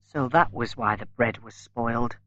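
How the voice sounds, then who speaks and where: A man's voice: mid-range voice, normal speed, no echo, highs cut off, lightly acted. A man doing a weary, bitter older mother. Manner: quiet, tired, bitter.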